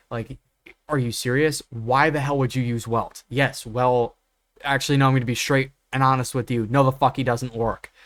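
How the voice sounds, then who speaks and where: A man's voice: mid-range voice, no room sound. Exasperated young man ranting profanely. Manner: exasperated, profane, many fillers. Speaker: gaming YouTuber. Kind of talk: unscripted rant.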